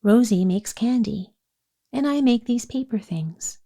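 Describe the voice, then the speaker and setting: A woman's voice: fairly high pitch, measured pace, dark tone. A woman voicing a cheerful, businesslike young boy in a storybook reading.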